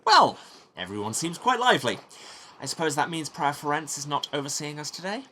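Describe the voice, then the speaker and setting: A man's voice: a little high, big pitch swings, brisk, pushed and bright, a little hiss or hum, pitched above the performer's own voice. A man reading an earnest polite monk. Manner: polite, reproving.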